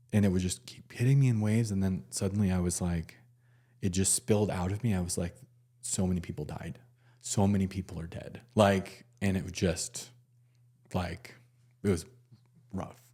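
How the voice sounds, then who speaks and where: A man, a nurse, telling a personal story in a casual, halting way with many fillers and restarts. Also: deep voice, steady tone, warm tone.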